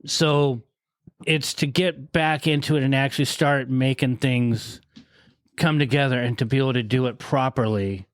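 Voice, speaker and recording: A male podcast host who speaks reflectively and rambles, full of fillers. His mid-pitched voice is recorded close and dry. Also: fairly even intonation, moderate pace, no echo. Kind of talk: casual chat.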